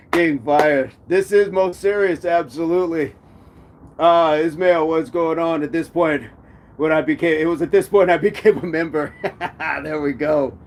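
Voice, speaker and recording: Guy hosting a live chat, playful, laughs a lot, slightly high voice. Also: a little slow, slight background noise. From United States. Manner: playful, laughs often, repeats phrases. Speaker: live stream host. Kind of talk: casual live chat reading comments.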